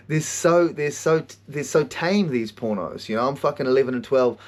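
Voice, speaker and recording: A man hosting a podcast, telling stories in an animated way, swearing a lot and often laughing. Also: mid-range voice. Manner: animated storytelling, heavy swearing, frequent laughter. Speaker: podcast host and counselor. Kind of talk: casual monologue.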